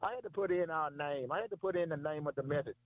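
A man's voice: on the high side, fast talker, no echo. A man preaching a folksy sermon, repeating himself and calling out to a listener by name. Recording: tinny phone-like sound.

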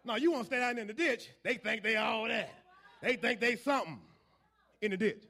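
High-pitched male preacher, call-and-response sermon, swings from low murmurs to shouting. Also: brisk, gravelly.

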